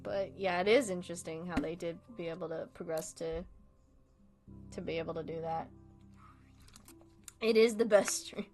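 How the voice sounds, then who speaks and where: A woman's voice: fairly low pitch, fairly even intonation, normal speed, pauses often, over music. A young woman streaming and chatting casually, rambling from thought to thought, laughing often and swearing freely.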